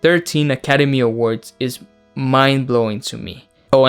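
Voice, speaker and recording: Blunt profane man ranting. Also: medium pitch. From Mexico. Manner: blunt, profane, mocking, laughs often. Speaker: YouTube host. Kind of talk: casual film review rant.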